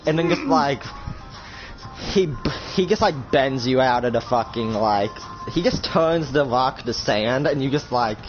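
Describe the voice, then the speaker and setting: A young man narrating an improvised roleplay in a rambling, casual way, swearing freely and jumping into quick voices. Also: medium pitch, expressive, highs cut off, over music.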